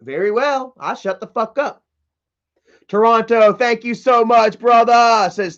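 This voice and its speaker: A man's voice: very high-pitched, unhurried, fairly bright tone. A man hosting a livestream, ranting bluntly and with profanity while reading chat comments aloud. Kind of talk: candid casual livestream rant. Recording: dull lo-fi stream audio.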